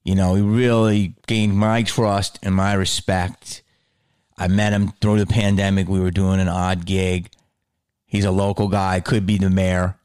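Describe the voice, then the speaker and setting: A man's voice: low-pitched, flat delivery, unhurried, darkish tone, smooth. A middle-aged man comedian ranting in a heated, profane, swaggering way.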